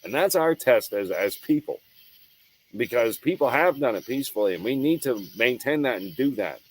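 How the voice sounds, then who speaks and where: A man's voice: medium pitch, lively intonation, normal speed, a little hiss or hum, poor audio. A man hosting his own show, giving a heated, profane, unscripted monologue with hard emphasis and frequent restarts. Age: adult. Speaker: show host.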